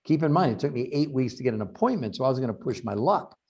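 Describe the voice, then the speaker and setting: A man's voice: mid-range voice, fast. A man who researches health, telling long anecdotes in an interview over a video call, acting out quoted lines. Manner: animated anecdotes with acted-out quotes. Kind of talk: storytelling in an interview.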